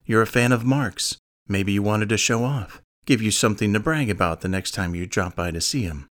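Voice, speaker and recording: A man's voice: on the low side, moderate pace, lightly acted. A man voicing a guarded male investigator who asks blunt, probing questions. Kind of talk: audiobook character reading.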